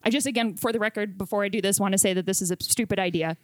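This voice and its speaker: A woman's voice: mid-range voice, very fast, dry recording, close to an everyday voice. An actress playing a reluctant, skeptical female sidekick who punches down walls, in an improvised comedy scene.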